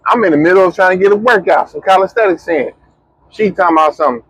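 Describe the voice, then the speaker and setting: A young man, chatting casually as a podcast co-host and telling a story with lively, slangy quoting. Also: high-pitched, fast, husky, no echo, rough recording. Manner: animated, slangy storyteller who acts out quotes.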